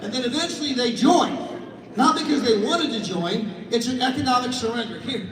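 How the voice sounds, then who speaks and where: A man's voice: extremely high pitch, lively intonation, a little fast, a crowd in the background. A middle-aged man speaking as a network marketing speaker at an event, giving a motivational stage talk, acting out quoted voices and repeating key lines. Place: large event hall. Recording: echoey hall, distant mic, noise.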